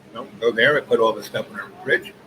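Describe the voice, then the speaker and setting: A man's voice: fairly low pitch, fast. A man in his seventies rambling through a long personal story with many asides. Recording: noisy background ambience.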